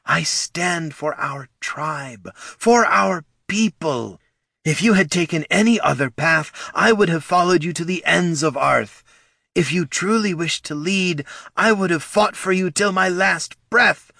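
A man voicing a young orc woman who speaks strong, clear and earnest. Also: mid-range voice, lively intonation, unhurried, fairly bright tone, dry recording, studio quality, pitched above the performer's own voice, full character voice. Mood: pleading. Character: young wounded orc woman, proud and steadfast.

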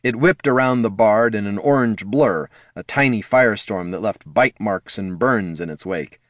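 In clean studio sound with no echo, a man with a voice on the low side narrates a fantasy audiobook. His scripted narration follows a measured storytelling manner.

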